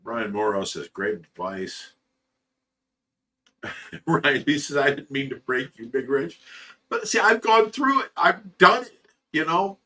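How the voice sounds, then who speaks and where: A man's voice: fairly high pitch, measured pace, pushed and bright, recorded from a distance. A middle-aged man hosting a livestream, reading chat aloud and giving blunt, profane, earnest fatherly advice.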